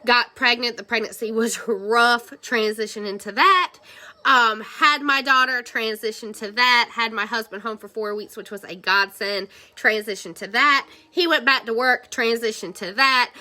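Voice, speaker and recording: A woman's voice: on the high side, sharp tone. A woman, talking casually to her sales team in a livestream from home, rambling around before reaching her point. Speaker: direct sales team leader. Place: at home, cartoons playing nearby.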